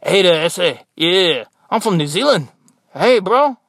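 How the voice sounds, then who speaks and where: A man's voice: high voice, lively intonation, a little slow, vocal fry, fairly bright tone, dry recording, clean studio sound, exaggerated voice. A man putting on a teasing, slangy voice, playing a man who claims to be from New Zealand.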